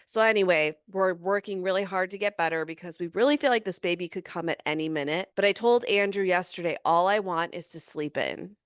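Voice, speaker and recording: A woman's voice: lowish voice, brisk, few pauses, clean tone, no echo, studio quality. A pregnant woman in her thirties co-hosting a podcast, telling stories in long breathless run-on lists. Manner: chatty, breathless run-on storytelling. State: heavily pregnant. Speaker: podcast co-host. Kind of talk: casual chat.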